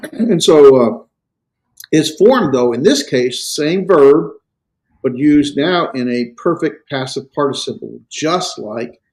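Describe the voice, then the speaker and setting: A man teaching a Greek class, explaining grammar in a halting lecture with many fillers and restarts. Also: a little high, animated, a little mellow. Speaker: Greek instructor.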